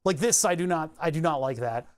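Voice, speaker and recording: A streamer in a chill livestream, talking at a medium pitch, unhurried and half to themselves. Sentences trail off and get corrected along the way, like someone thinking out loud while working. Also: expressive. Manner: muttering to self, frequent self-corrections. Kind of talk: relaxed think-aloud livestream narration.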